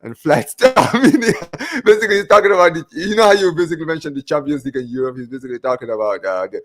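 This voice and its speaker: A man's voice: fairly high pitch, lively intonation, rapid-fire, a crowd in the background. A man hosting a live football watch-along, reading out viewer comments and joking with his co-hosts in a casual way. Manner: reads out viewer comments, banters with co-hosts, says "man" and "bro" a lot. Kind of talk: casual live-stream chat.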